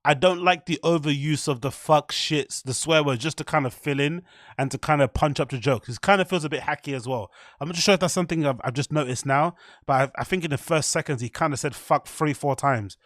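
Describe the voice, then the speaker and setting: A man's voice: on the high side, a little fast, a bit bright, no room sound, studio quality. A man hosting a podcast, giving chatty, opinionated commentary on a comedy clip and talking straight to his viewers. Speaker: podcast host. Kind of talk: casual commentary reacting to a clip.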